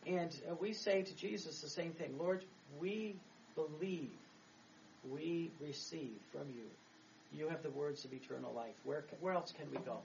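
A man's voice: on the high side, normal speed, gravelly, a little mellow. A middle-aged man, a Catholic priest, giving a chatty homily that rambles, with laughs and restarts. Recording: distant mic, dull sound, faint background noise.

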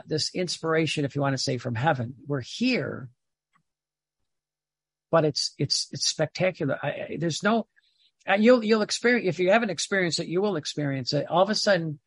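A man leads an informal devotional talk, reading passages aloud and unpacking them as he goes. His voice is husky and pitched a little high. He rambles, restarts his phrases and repeats words, and the sound is dry and close. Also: no room sound. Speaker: religious teacher.

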